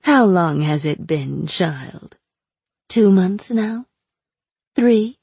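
A woman's voice: lowish voice, expressive, gravelly, darkish tone, breathy edge, no echo, heavily acted. Woman voicing a taunting chained sorceress. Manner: slow, taunting, drawn-out. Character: mocking chained sorceress woman, cruel and sly. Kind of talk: audiobook character voice.

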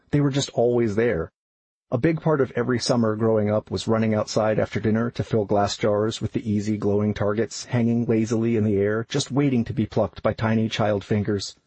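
A man narrating an audiobook in an even, unhurried storytelling manner. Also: fairly low pitch, husky, no room sound, low-quality recording.

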